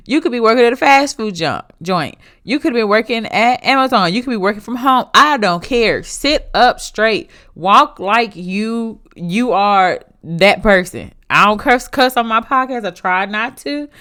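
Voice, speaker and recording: Young woman, podcast host, blunt and emphatic motivational talk, mid-pitched, down-home speech. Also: fairly bright tone. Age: young adult. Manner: emphatic, blunt and conversational, with dialect grammar.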